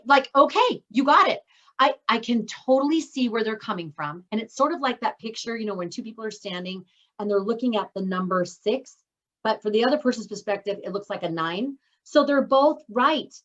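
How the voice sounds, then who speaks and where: A woman's voice: mid-range voice, fairly bright tone. A middle-aged woman hosting a casual, faith-based talk on parenting. She is chatty and upbeat and acts out the things she says to her kids. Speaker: host. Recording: dull lo-fi sound.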